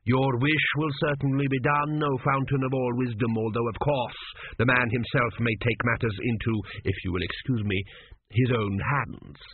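A man reading aloud, voicing an old male high priest who speaks with oil-smooth, measured formality. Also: fairly even intonation, a little hiss or hum, close to an everyday voice. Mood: coldly polite. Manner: measured, formal, coldly polite. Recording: dry, tinny phone-like sound.

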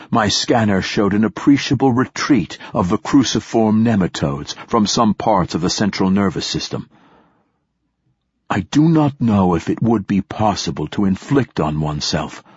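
A man giving a measured, solemn first-person narration for an audiobook, with a dull, muffled recording. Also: lowish voice, slightly rough, no room sound.

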